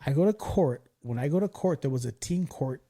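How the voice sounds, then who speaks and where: A man in his thirties hosting a podcast, telling a story in casual chat, animated, laughing and swearing freely. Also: mid-range voice, fairly quick. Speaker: podcast host.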